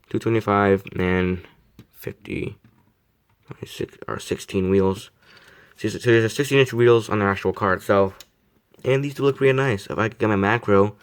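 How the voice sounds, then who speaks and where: Teen male hobbyist, low-ish voice, rambling self-deprecating vlog delivery full of fillers. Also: clean tone. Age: teens. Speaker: model car reviewer. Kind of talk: casual review vlog.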